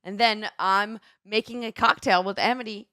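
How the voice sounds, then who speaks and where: Podcast lady telling a story, bright sharp voice, dry close mic, teasing and playful. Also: medium pitch, fairly even intonation, moderate pace, no room sound. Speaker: podcast co-host. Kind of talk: casual chat.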